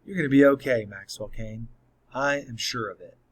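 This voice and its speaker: A man's voice: mid-range voice, normal speed, breathy edge, lightly acted. A man reading an audiobook, voicing a kind, earnest middle-aged woman principal who speaks in a soothing, firm way. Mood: gentle. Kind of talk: audiobook character voice.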